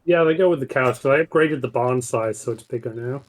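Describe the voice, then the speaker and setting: A man's voice: medium pitch, a little fast. A man co-streaming a farming game, chiming in with dry, teasing quips. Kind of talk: casual gaming stream banter.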